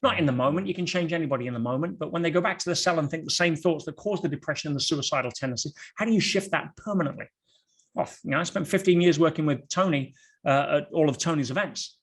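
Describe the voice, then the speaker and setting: A man talking as a guest on a podcast, telling stories in an animated way with rhetorical questions and quick restarts. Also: fairly high pitch, slightly rough. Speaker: podcast guest, motivational speaker. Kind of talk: podcast conversation.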